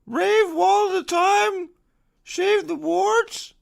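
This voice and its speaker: A man putting on a high, confused, pleading voice as a bystander who can't read a sign in the sky. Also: extremely slow, gravelly, heavily acted. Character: panicked man squinting at a sky banner.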